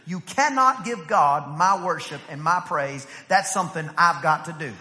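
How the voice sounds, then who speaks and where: A pastor, a man in his thirties, preaching an energetic sermon to his church, telling family stories and rising to shouts. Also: fairly high pitch, moderate pace. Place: church sanctuary. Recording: long reverb from a church hall.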